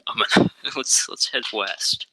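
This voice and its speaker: A man's voice: a little slow, pushed and bright, a little hiss or hum, rough recording. A man playing a tabletop game, laughing as he plans his moves aloud. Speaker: player.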